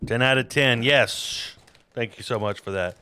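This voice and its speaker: A man's voice: mid-range voice, measured pace, pushed and bright, smooth. A man hosting a podcast in casual chat, rambling and jokey with a self-deprecating streak. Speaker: podcast host.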